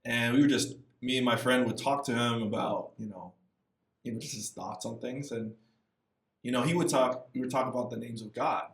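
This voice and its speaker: A man, a missionary guest, talking casually in an interview, lively and acting out little quotes as he goes. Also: moderate pace, roomy sound, recorded from a distance. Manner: animated, acts out voices and quotes with big pitch jumps.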